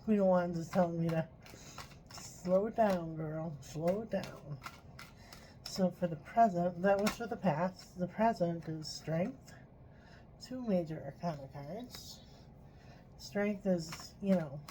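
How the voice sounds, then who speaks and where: A woman's voice: on the low side, takes it slowly, warm tone, slight background noise, low-quality recording. A woman talking in an earnest, frustrated personal vlog, doing a tarot reading and stopping now and then to apologize. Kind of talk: emotional personal vlog monologue.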